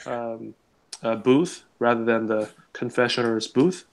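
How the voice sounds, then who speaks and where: A man acting as game master, describing scenes to the players with many pauses and fillers. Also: medium pitch, steady tone, gravelly. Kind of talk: narrating a tabletop game.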